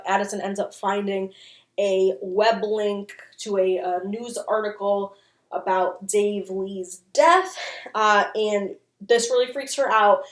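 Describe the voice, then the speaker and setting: A woman talks through a recap in a loose, joking way, dropping casual swears and filler words. Her voice sits at an everyday middle pitch. The recording has a noticeable roomy echo. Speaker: channel host.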